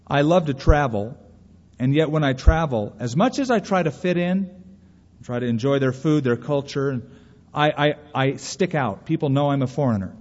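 A man's voice: medium pitch, animated, normal speed, a little mellow. A male pastor from California, preaching a sermon in an earnest way with rhetorical questions and story asides. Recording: reverberant hall, dull lo-fi sound.

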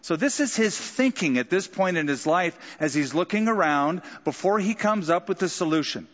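Conversational preacher in a reverberant hall. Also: male voice, high voice, lively intonation, normal speed, a bit bright, dull audio. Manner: conversational preaching with dramatic quoted voices. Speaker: pastor. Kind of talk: sermon.

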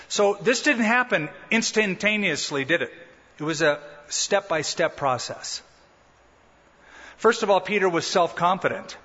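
A man preaching a sermon as a pastor, animated, acting out quoted voices with a rising pitch. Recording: muffled, echoing hall recording.

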